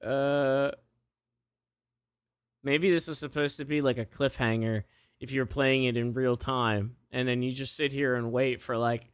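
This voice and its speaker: A man's voice: mid-range voice, steady tone, a little slow, clean tone. A man streaming a voice-controlled game live, exasperated, profane and laughing at it. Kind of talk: live gameplay commentary.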